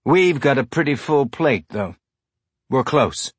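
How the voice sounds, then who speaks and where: A man's voice: medium pitch, expressive, slow, breathy edge, dry recording, voice pushed up. A man voicing a laid-back robotic alien with a tinny voice and a Belter accent, speaking in a casual, wry, blunt way.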